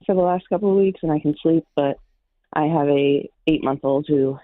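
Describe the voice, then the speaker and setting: An upbeat woman in her thirties chats as a caller to a late-night show. Her voice is low. The call comes through a dry, tinny phone line. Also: moderate pace, no echo. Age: 30s. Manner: chatty, upbeat.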